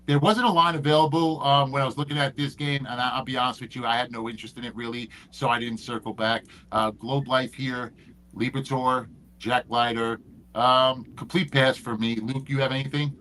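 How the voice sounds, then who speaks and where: A man's voice: medium pitch, fairly even intonation, brisk, bright, forceful tone, poor audio. A man hosting a sports betting picks show, talking in a casual, profane, hyped-up way.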